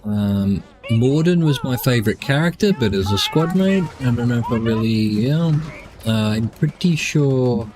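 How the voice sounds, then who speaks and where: Music plays behind a game streamer, a man with a medium-pitched voice and lively intonation who talks in an unhurried way. He's tired and yawning, rambling as he plays and thinking out loud over chat's questions.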